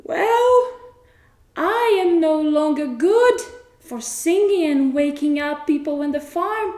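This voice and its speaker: An indignant old rooster, proud of his years of work, as a woman puts him on. The voice is high and lively, and the room is echoey. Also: slow.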